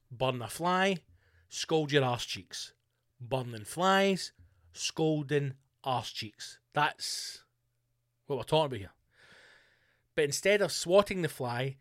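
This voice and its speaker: A man's voice: medium pitch, a bit bright, no room sound, clean studio sound. A man hosting a podcast, riffing through a crude, sweary comic monologue. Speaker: podcast host. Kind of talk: casual comedic monologue.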